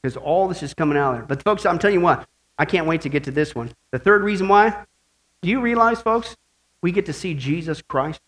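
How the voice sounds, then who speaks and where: A male pastor preaching an animated sermon that swings from quiet asides to shouted praise. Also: on the high side, brisk, poor audio.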